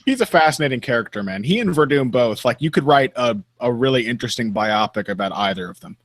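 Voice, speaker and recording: A man co-hosting a podcast in casual chat, measured and analytical, laughing often. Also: mid-range voice, animated, a little hiss or hum. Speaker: podcast co-host. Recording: dry close podcast mic.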